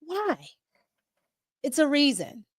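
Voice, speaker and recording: A woman with a DC-area accent, hosting a casual, animated commentary livestream and talking to her chat. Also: high voice, slow pace, dry recording, studio quality. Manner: animated, laughing, talks to chat. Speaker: host.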